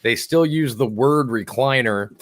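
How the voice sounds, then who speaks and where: A man's voice: mid-range voice, a little slow. A man co-hosting a podcast, leading the talk casually and laughing often. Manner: laughs often, steers the discussion. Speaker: podcast co-host. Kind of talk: casual comedic chat.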